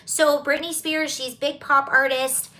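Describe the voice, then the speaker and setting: A high, level, sharp-toned voice at a measured pace belongs to a young Southern woman from Georgia. She hosts a relaxed livestream, chatting, reading comments from viewers and laughing as she strays off topic.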